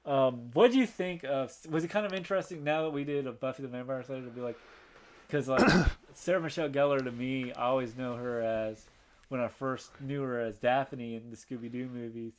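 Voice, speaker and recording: A man's voice: medium pitch, fairly quick. A man co-hosting a podcast, chatting casually about a film with lots of fillers and restarts. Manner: rambling, many fillers, acts out quoted lines. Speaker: podcast co-host. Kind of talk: casual movie review chat.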